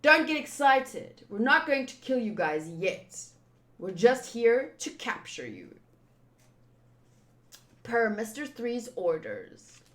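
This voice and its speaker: A woman reading out a smug villain man who calmly dismisses his captives. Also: on the high side, takes it slowly, pauses often, reverberant, exaggerated voice. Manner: calm, dismissive orders.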